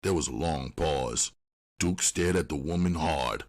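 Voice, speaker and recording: A man narrating an audiobook in a steady, unhurried storytelling manner. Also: very deep voice.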